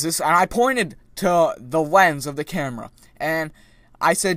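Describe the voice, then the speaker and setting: A young man tells a story for his vlog, his voice sitting a bit high for a guy. He rambles and restarts mid-sentence, animated and casual. The sound is close and dry, with no room around it. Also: slow, dry recording. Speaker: vlogger.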